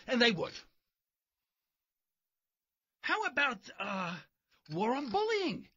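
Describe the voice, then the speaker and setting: A man's voice: very high-pitched, wildly swooping pitch, takes it slowly, bright, forceful tone, husky, highs cut off. A man hosting a talk radio show, delivering a sarcastic, mocking monologue from his car while driving. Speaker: radio host.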